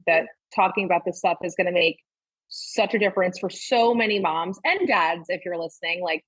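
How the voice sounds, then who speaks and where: A woman's voice: on the low side, fairly quick, fairly bright tone, breathy edge, no echo, poor audio. A woman in her thirties, a mother guesting on a podcast, chatting candidly and swearing freely. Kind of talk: casual chat.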